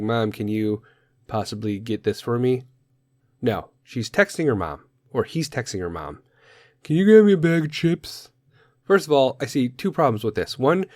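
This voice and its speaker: A man hosts a podcast with a profane, comedic rant, loud and exasperated. His voice sits at an ordinary male pitch and he drops into mocking voices now and then. The sound is dry, with no room echo. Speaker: podcast host.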